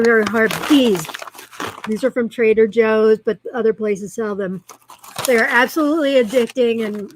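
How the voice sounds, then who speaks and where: A woman's voice: on the high side, background noise. A woman hosting a live-streamed show, chatting casually in a rambling way and reacting to viewer comments as she reads them aloud.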